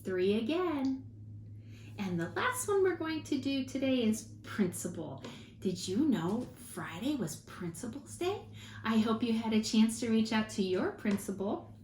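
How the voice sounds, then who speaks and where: A woman teaching a children's phonics lesson, slowly and encouragingly drawing out each word for her students to repeat. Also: a little high, big pitch swings, darkish tone. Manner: slow, encouraging, drawn-out word modeling. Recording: echoey room with faint hiss.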